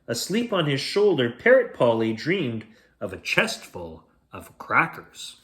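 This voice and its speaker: A man reads a children's bedtime story aloud as the show's host, with a playful, expressive delivery. His mid-range voice rises and falls in lively, animated swings. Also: mid-range voice, a little slow.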